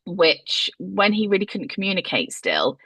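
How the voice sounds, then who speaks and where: A woman's voice: medium pitch, unhurried, husky, dry recording. A woman tells a podcast host her story casually, laughing often, swearing and acting out other people's lines. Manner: lively, laughing, swearing, acts out voices. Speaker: podcast guest, mother.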